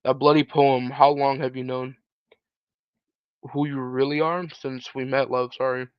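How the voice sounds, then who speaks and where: A man's voice: medium pitch, level tone, a little slow, clear, resonant tone, dry recording. A man reads comic pages aloud during a live stream, slipping into put-on British voices and saying "effing" in place of swear words. His voice sits mid-range. The sound is dull and dry, as from a plain home setup. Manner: laughs and breaks off to comment.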